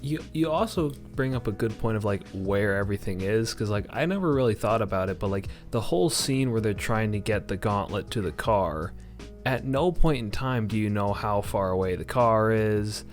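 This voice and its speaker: A man's voice: on the low side, expressive, moderate pace, faint music behind. A young man co-hosting a podcast, joking around in casual, laid-back chat and swearing freely. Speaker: podcast co-host.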